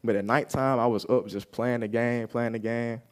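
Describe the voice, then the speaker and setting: A man's voice: mid-range voice, steady tone, normal speed, clean tone. A young man giving a personal testimony at a youth service, telling his story casually and acting out what people said.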